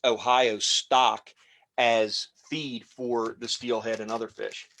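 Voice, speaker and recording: A man casually talking through a fly tying demonstration as he works, relaxed and rambling. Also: medium pitch, slow. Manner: relaxed, rambling, talks while working.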